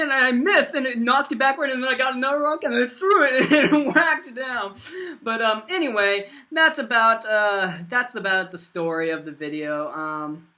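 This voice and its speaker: A teenage boy vlogger telling a rambling storytime, full of fillers and bursts of loud silly voices. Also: very high voice. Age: teens.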